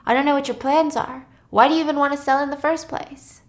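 A stubborn, aging art dealer, as a woman retelling the story puts him on, pitched high and pressing hard on his words. He speaks emphatically and sounds indignant. The reading stays casual and light. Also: fairly even intonation, quick pace, natural voice. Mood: gentle.

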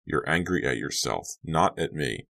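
Man playing a flat, gruff middle-aged cop dad, very low voice, deadpan. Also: moderate pace, exaggerated voice. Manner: flat, matter-of-fact.

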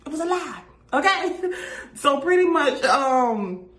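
A woman hosting a casual gossip chat, animated and sassy, often laughing as she talks to her viewers. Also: sits high, slow. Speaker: gossip show host. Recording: echoey room.

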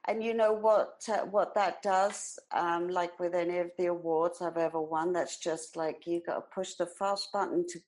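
An animated British woman in her sixties. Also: fairly low pitch, normal speed, few pauses, rough recording. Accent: British, with some American twang. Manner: animated and expressive, laughs while telling stories. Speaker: guest, hairdressing educator. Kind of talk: conversational storytelling.

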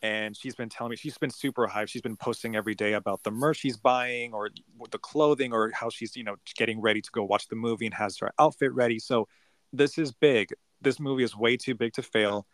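A man's voice: mid-range voice, steady tone, fairly quick, no echo. A man co-hosting a podcast in casual chat, enthusiastic and full of affirming reactions. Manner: enthusiastic, warm reactions, lots of affirming murmurs. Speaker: podcast co-host.

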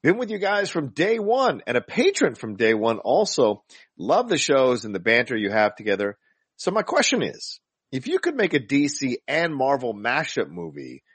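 A man putting on an Irish accent to voice a cheerful Irish male listener reading his own email aloud, in a high sing-song way. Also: husky, no room sound. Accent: Irish, put on.

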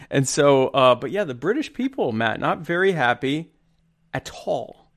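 A man's voice: on the high side, expressive, unhurried, fairly bright tone, no room sound, clean studio sound. Chatty man co-hosting. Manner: rambling, chuckling, restarts often. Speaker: co-host. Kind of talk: casual political chat.

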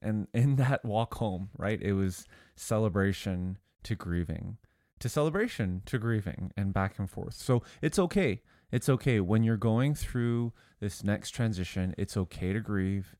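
A man's voice: fairly low pitch, unhurried, few pauses, a little mellow, no room sound, clean studio sound. A man co-hosting a podcast, speaking in an earnest, reassuring way with faith-based encouragement. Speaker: podcast co-host. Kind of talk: casual podcast chat with encouragement.

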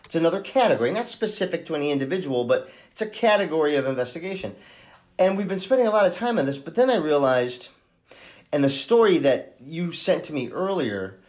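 A man hosting a true-crime podcast, thinking aloud in a halting way with many restarts as he talks through a case. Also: on the high side, sing-song, a little mellow. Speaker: podcast host and case investigator.

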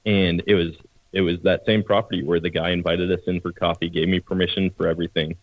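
A man on a podcast casually telling a hunting story in a relaxed, chatty, plain-spoken way. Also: sits low, fast talker, dry recording, narrow, tinny audio. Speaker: podcast co-host, hunter.

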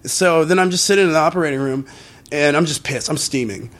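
A man, a musician guest on a podcast, telling a story in casual chat, swearing freely and using lots of fillers. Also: quick pace. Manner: animated, swears often, many fillers; acts out quoted voices in a higher pitch.

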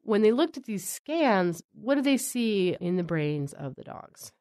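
A woman's voice: medium pitch, very animated, unhurried, darkish tone, no echo, studio quality. A woman hosting a science news podcast, asking curious questions in a conversational way. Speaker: podcast host.

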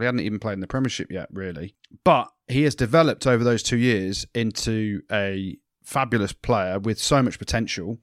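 A man's voice: medium pitch, lively intonation, fairly quick, dry recording, clean studio sound. A man co-hosting a casual podcast, teasing his co-host and steering the talk. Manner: teasing, leading banter.

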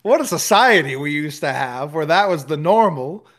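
A man's voice: a little high, animated, normal speed, fairly bright tone. A man co-hosting a casual chat, telling wry stories with frequent laughs. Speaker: co-host.

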